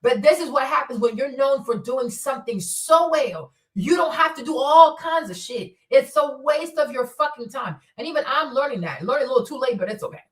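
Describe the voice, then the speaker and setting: A woman with a high voice gives loose, profane livestream commentary that swings from loud outbursts to low mutters. She sits a little back from the mic, and the room around her is roomy and echoey. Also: expressive, brisk, hardly any pauses, distant mic. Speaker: livestream host. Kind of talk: casual unscripted commentary. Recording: roomy echo, voice a bit off-mic.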